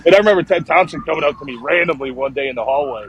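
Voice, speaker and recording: A man's voice: on the high side, very fast, slight background noise, poor audio. A man in his thirties, a former pro football lineman, telling stories in a casual, profane, rambling podcast chat. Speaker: former NFL offensive lineman guest.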